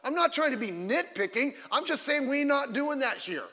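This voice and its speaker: A man preaching a sermon as a pastor, emphatic and fiery, often breaking off into quick asides. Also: very high voice, animated, pushed and bright, long reverb tail.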